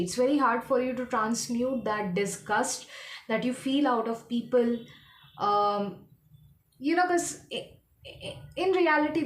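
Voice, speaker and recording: A woman giving a casual tarot reading, rambling and halting as she hunts for her words. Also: fairly high pitch, echoey room. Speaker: tarot reader.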